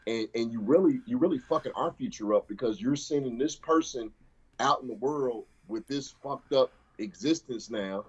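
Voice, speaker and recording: A man's voice: mid-range voice, moderate pace, husky, highs cut off. A man co-hosting a podcast, talking in a rambling, profane way with many restarts. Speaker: podcast co-host. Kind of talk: casual podcast chat.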